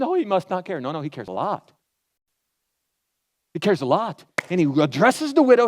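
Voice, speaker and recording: High-voiced man preaching conversationally. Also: very animated, moderate pace, pauses often, darkish tone. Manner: conversational preaching, rhetorical questions, acts out quotes. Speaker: pastor. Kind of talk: sermon.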